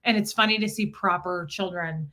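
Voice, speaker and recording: A woman's voice: on the low side, steady tone, normal speed, background noise. A young woman co-hosting a live stream, chatting casually and greeting viewers by name.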